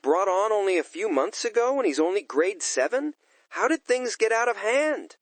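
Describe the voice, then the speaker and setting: A man's voice: high-pitched, sing-song, normal speed, no echo, pitched above the performer's own voice. A man voicing a smug, seasoned male tax accountant, read dry and close.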